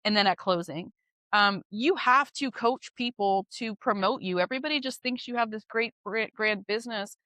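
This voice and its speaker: Bright, animated woman real estate agent. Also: mid-range voice, normal speed, no echo. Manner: animated, chatty, laughs easily; goal-driven, candid. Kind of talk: casual interview chat.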